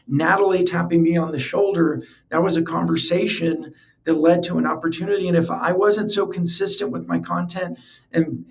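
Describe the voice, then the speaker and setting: This podcast host's voice is a little high, with vocal fry and a darkish tone. Alone on the mic, he speaks earnestly and conversationally, often repeating words as he thinks.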